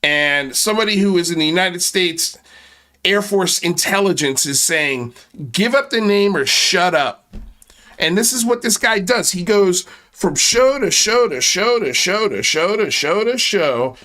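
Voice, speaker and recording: A man's voice: sits high, lively intonation, measured pace, sharp tone. A man hosting a commentary channel, speaking in sarcastic, mocking asides with exaggerated exclamations. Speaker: channel host.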